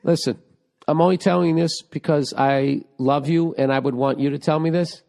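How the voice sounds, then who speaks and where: A man's voice: on the high side, steady tone, normal speed, vocal fry, a little mellow. Crude joking man hosting a podcast. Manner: crude, joking, reads listener emails aloud. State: sore throat. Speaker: podcast host. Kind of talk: casual comedic podcast chat.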